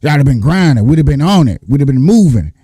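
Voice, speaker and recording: Profane, emphatic man with a mellow voice. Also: mid-range voice, very animated, fast talker, husky, faint music behind. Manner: profane, emphatic, repeats himself. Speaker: panelist, Trump supporter. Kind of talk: heated casual debate.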